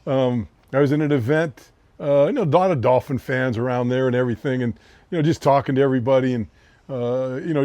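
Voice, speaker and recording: A man's voice: mid-range voice, a little mellow, dry recording. A man in his seventies hosting a podcast, telling a story in a casual, rambling way and often repeating himself. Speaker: podcast host.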